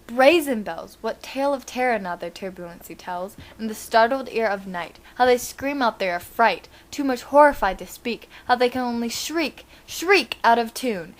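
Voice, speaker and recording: A woman's voice: a little high, fairly bright tone. A woman and student presenter giving a dramatic poetry recitation, building force on repeated refrains.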